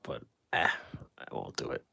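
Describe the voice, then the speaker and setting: A man's voice: normal speed, pushed and bright. A man hosting a painting livestream, chatting casually with viewers and musing self-critically about his work.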